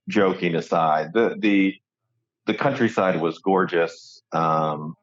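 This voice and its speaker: A man with a fairly low voice co-hosts a casual podcast and tells rambling, joking stories full of false starts. His recording sounds dull and muffled, with the highs missing. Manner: rambling, jokey storytelling with many restarts. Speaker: podcast co-host. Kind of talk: casual comedic chat.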